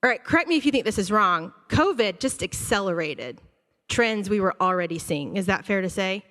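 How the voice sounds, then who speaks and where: A woman school counselor giving an animated, conversational talk to a church audience, acting out her students' reactions. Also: medium pitch, fairly quick. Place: church auditorium. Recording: long hall reverb.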